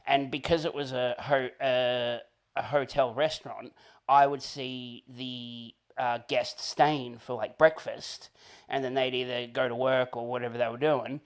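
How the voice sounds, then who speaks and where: A man's voice: medium pitch, little pitch movement, a little slow. An Australian man telling a loose, rambling story as an interview guest, full of fillers and little laughs.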